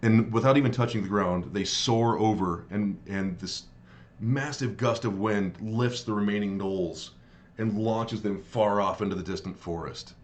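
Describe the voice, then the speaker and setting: A man narrating as game master of a tabletop role-playing game, pausing often with fillers and restarts. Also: on the low side. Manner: halting, many fillers and restarts.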